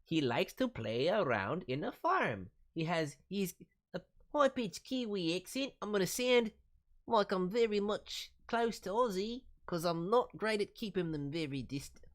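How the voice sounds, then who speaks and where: Playful guy rambling on stream, slow, voice swings up and down a lot. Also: high-pitched, lively intonation. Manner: playful, rambling, quirky grammar. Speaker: voice director streamer. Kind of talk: live stream chat, voicing viewers' characters.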